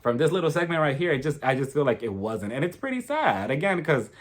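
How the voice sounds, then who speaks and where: Animated, gossipy young man. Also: fairly high pitch, fast. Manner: animated, gossipy, acts out quotes. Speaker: reality TV reviewer. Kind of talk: casual recap commentary.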